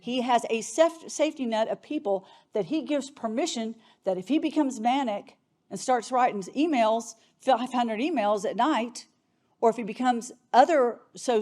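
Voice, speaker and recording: A woman's voice: fairly high pitch, dark tone. Earnest middle-aged woman telling a story. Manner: earnest, varies pace and volume for emphasis. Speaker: attorney and conference speaker. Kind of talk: emotional keynote storytelling.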